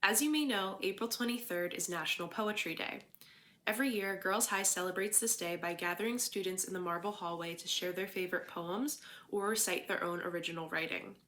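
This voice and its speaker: A woman with a Philadelphia accent, an English teacher, giving a formal, measured welcome to a school assembly and reciting a poem. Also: lowish voice, a bit bright.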